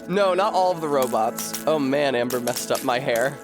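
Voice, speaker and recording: A man's voice: mid-range voice, moderate pace, music in the background. A man casually rambling and joking while streaming a video game, swearing now and then. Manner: rambling, wry, profane. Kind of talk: casual gaming commentary.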